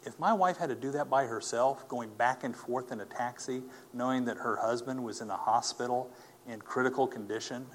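A man telling a personal faith testimony as a story, earnest and animated, acting out the people he quotes. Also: medium pitch, normal speed, slight background noise. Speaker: speaker giving a personal testimony.

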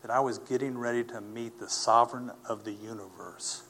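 A man telling his personal testimony in an earnest, halting way, with many fillers and restarts. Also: medium pitch, steady tone, fairly bright tone, slight background noise.

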